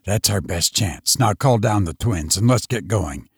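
A man reading as a grim husband and father pressing his family to flee, clipped and commanding. The voice stays near his own low-middle register with lively intonation, and it sits dry against the mic. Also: measured pace, breathy edge, no echo, heavily acted. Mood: urgent.

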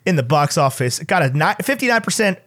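A man co-hosting a casual comedy movie podcast, rattling off facts and reviews in a quick, rambling way. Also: a little high, big pitch swings, a bit bright. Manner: quick, rambling, self-interrupting. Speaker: podcast co-host reading reviews.

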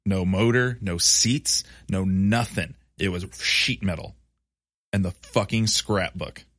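Man, thirties, rambling casual storyteller, somewhat low voice, dry close sound. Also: slow, a bit bright, no room sound. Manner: loose, profane, rambling storytelling. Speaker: conversation partner telling a story. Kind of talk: casual chat.

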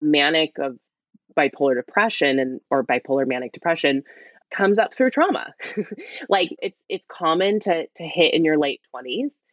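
A woman guest speaking quietly as she tells a candid personal story, rambling with lots of "like" and restarts. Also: deep voice, lively intonation, moderate pace, dry recording, dull audio. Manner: rambling, heavy use of "like", restarts. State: speaking quietly, half-whispering. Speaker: interview guest.

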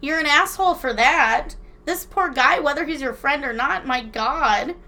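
A woman's voice: sits high, normal speed. A woman in her thirties co-hosting a casual chat, telling stories with lots of laughter and swearing. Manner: laughs often, swears freely, animated storyteller. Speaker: podcast co-host. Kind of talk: casual chat, reading listener letters.

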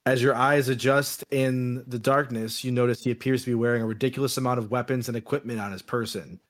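A man's voice: medium pitch, fairly even intonation, fast talker. A man hosting a casual podcast, reading out a choose-your-own-adventure game between jokes with his co-hosts. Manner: reads story passages aloud with laughs and swearing.

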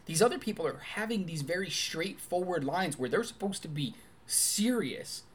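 A podcast co-host reviewing a movie in casual chat, talking in an animated, enthusiastic way with quick asides. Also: medium pitch, breathy edge.

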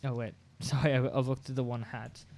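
A man's voice: mid-range voice, level tone, a little fast, darkish tone, slight background noise. A man hosting an improv party game, chatting and joking as he goes. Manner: chatty, jokey, rambling.

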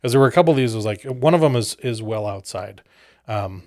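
A man co-hosting a casual movie chat, easygoing and halting as he lays out his picks. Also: medium pitch, lively intonation, darkish tone, dry recording, clean studio sound. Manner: easygoing, halting, with fillers and restarts. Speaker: podcast co-host.

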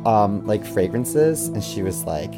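A man's voice: on the low side, very animated, unhurried, music in the background. A man co-hosting a podcast in casual chat, rambling with many fillers and crude jokes. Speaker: podcast co-host.

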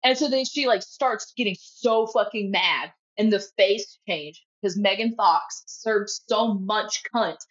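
A woman's voice: medium pitch, unhurried, hardly any pauses, dull audio. A woman guest co-hosting a casual podcast chat, swearing freely and acting out film lines in put-on voices. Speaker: guest co-host.

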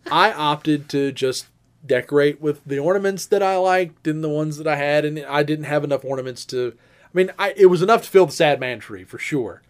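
This is a man with a high voice, co-hosting a podcast and telling a personal story in relaxed, casual chat. He tells it in an animated way and jumps up into a squeaky register whenever he quotes a woman. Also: normal speed, clear, resonant tone. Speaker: podcast co-host.

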